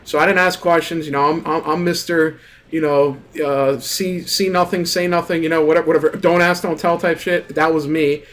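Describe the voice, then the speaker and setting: A young man telling a story in a casual, rambling rant, animated and full of swearing and filler words. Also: fairly high pitch, moderate pace. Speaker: gaming streamer.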